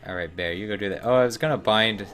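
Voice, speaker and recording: Low-voiced man doing wry game commentary. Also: fast talker, a bit bright, slight background noise. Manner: wry, chatty, talks to himself and to characters on screen. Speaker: streamer. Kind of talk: casual gameplay commentary.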